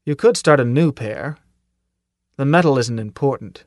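A man voicing a stern, gruff older military commandant in an audiobook, speaking in a clipped, authoritative way and firing off pointed questions. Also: medium pitch, lively intonation, normal speed, no room sound, clean studio sound, natural voice. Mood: commanding. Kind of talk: audiobook character reading.

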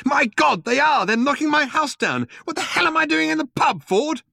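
A man voicing Arthur, a flustered young Englishman who yelps and shouts in alarm. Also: a little high, huge pitch swings, slow pace, gravelly, no room sound, studio quality, voice pushed up, heavily acted.

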